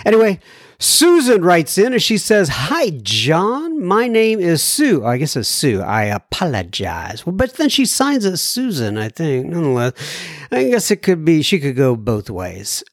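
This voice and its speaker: Man, middle-aged, podcast host, reads listener emails, rambling, apologetic, animated pitch, dry room. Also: normal speed, dry recording. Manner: rambling, apologetic, goes off on tangents with chuckles. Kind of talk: reading listener emails, casual chat.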